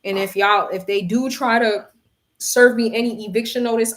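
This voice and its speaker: A woman's voice: medium pitch, steady tone, a little fast, echoey room. A young woman vlogger venting frankly to her phone camera, swearing and addressing her viewers as y'all. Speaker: vlogger and tarot reader.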